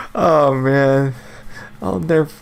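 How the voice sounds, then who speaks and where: A man's voice: a little high, extremely slow, gravelly, clean tone. Rambling young man hosting a solo podcast. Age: 20s. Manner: rambling, many fillers and restarts, laughs often. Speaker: podcast host. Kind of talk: casual solo podcast monologue.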